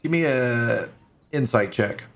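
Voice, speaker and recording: A laid-back game master. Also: male voice, medium pitch, slow pace. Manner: loose, self-mocking, filler-heavy. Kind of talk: narrating a tabletop game.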